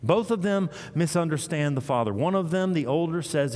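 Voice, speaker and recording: A man preaching a sermon in a church, retelling a parable and acting out its voices with animated storytelling. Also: a little high, moderate pace, hardly any pauses. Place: church sanctuary. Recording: long hall reverb.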